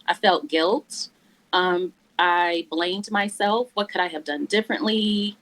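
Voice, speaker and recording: A woman in her forties telling her own story as a guest, earnest and halting, her voice catching with emotion. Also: lowish voice, fairly bright tone, rough recording. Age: 40s. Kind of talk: candid personal story in a church interview.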